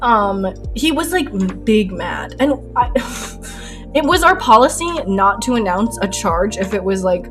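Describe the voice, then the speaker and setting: A woman's voice: mid-range voice, very animated, measured pace. A young adult woman streaming while she paints, chatting casually, laughing often and telling stories animatedly. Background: soft lo-fi music.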